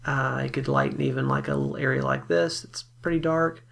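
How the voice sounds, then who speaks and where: A man giving a relaxed, step-by-step photo editing software tutorial, talking casually with fillers as he works. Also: mid-range voice, brisk, vocal fry. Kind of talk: screen-recorded software tutorial.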